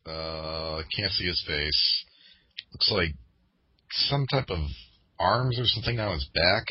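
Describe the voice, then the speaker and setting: A man's voice: sits low, lively intonation, takes it slowly, breathy edge, dry recording. A man co-hosting a casual podcast chat, hesitant, with many fillers and restarts. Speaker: podcast co-host. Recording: dull lo-fi sound.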